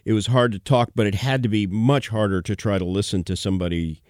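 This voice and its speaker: A man talks on a radio show with a stuffy, hoarse voice left by bronchitis. He speaks haltingly, with plenty of fillers and restarts. The studio sound is close and dry. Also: fairly low pitch, steady tone, darkish tone, dry recording. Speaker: radio show regular guest. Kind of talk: casual radio chat.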